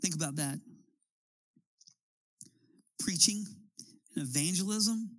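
A man's voice: high-pitched, slow, dry recording, rough recording. A man preaching a sermon as a pastor, building his points with emphatic, rising appeals.

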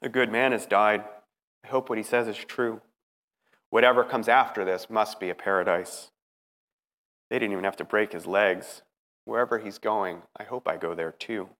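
A man voicing a dying male thief on a cross, weary and hopeful, speaking quietly in a strained, solemn way. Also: on the low side, moderate pace, natural voice. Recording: long reverb hall.

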